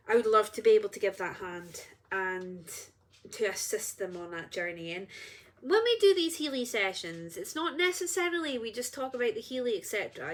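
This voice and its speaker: Speaking with a medium-pitched, fairly bright voice, this woman is an energy healer chatting casually and sincerely with her viewers. She wanders from point to point and interrupts herself, in the style of a relaxed spiritual vlog.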